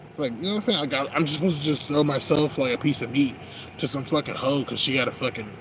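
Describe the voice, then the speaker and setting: Man, casual monologue outdoors: meandering, profane, slangy, mid-pitched, over clear street and traffic noise. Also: quick pace. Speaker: vlogger. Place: outdoors at night on a smoke break.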